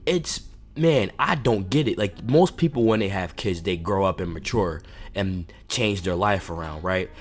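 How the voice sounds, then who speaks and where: Deep-voiced male host, indignant commentary rant over faint background music. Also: a little slow. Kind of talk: reaction commentary.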